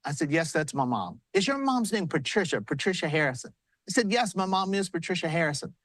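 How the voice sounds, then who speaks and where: Southern man as party chair on a remote news hit: high-pitched, dry close mic, earnest storytelling that builds to rousing remarks. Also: very animated, a little fast, fairly bright tone, no room sound. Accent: South Carolina. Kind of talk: live remarks on news broadcast. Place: large arena with commotion.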